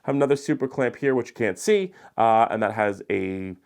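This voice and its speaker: A man's voice: mid-range voice, expressive, brisk, gravelly, smooth. A man casually walking viewers through his studio lighting and gear, chatty and explanatory with frequent filler words. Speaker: YouTube creator showing his studio. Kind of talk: casual studio tour walkthrough.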